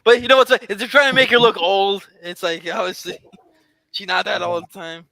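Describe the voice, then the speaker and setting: A man's voice: high voice, fairly even intonation, normal speed, vocal fry, pushed and bright, no echo. A man co-hosting a casual movie podcast, nitpicky, laughing often and stumbling over restarts. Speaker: podcast co-host.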